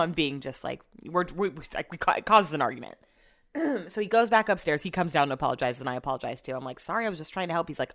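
A young woman with a fairly low voice chats casually on her podcast from home. She rambles through a story and clears her throat often. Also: fairly bright tone. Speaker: podcast host. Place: home with renovation noise nearby.

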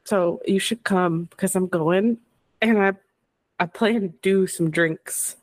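A woman's voice: lowish voice, takes it slowly, no echo. A woman in her thirties co-hosting a chat podcast, rambling and laughing through her stories. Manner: giggly, rambling, lots of laughing asides. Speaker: podcast co-host. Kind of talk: casual chat.

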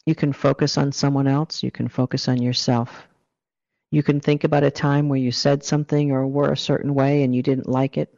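A man's voice: medium pitch, flat delivery, a little fast, gravelly, warm tone. A man giving a motivational self-help talk, coaching the listener earnestly through a guided exercise. The recording sounds dull and lo-fi.

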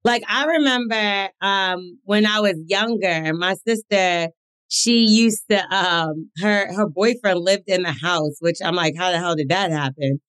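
A woman's voice: medium pitch, a little slow, a bit bright, clean tone, poor audio. A woman co-hosting a podcast, talking frankly and bluntly, swearing casually. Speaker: podcast co-host. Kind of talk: casual chat.

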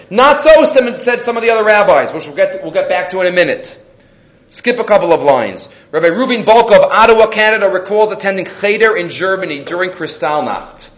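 A man with a high voice teaches a weekly Torah class, telling his stories with energy and acting out each quoted voice. The sound is dull and lo-fi, and it echoes around the room. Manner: animated storyteller who acts out quoted voices. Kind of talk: weekly Torah lesson with storytelling.

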